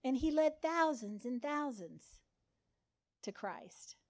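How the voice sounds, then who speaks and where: A woman's voice: high voice, animated, slow, a little mellow. A woman giving a conversational sermon, acting out the lines of the people in the story. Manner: conversational, dramatizes quotes with voices. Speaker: speaker.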